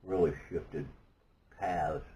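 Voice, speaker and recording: A man giving a personal testimony, halting and earnest, searching for words with many restarts. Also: very deep voice, steady tone, dark tone, a little hiss or hum, low-quality recording. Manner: earnest and awed. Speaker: guest telling his story.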